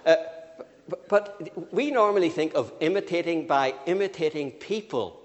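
An older man preaching a sermon, swinging from loud emphatic phrases to quiet asides. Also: fairly high pitch. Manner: lively with sudden rises and drops, slow emphatic phrasing. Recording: long reverb of a church hall.

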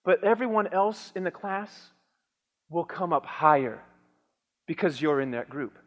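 A man preaching a sermon, lively and animated, dramatizing a Bible story with booming lines for the king. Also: a little slow, long pauses, big-room sound. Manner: animated, acts out the king's lines with shouts. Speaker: pastor.

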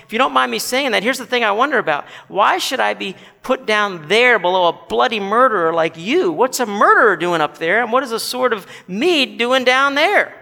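A man's voice: very high voice, expressive, normal speed, vocal fry, few pauses, sharp tone, pitched above the performer's own voice, full character voice. A man voicing a self-righteous male ghost who grumbles and insists on his rights. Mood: indignant. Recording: long hall reverb.

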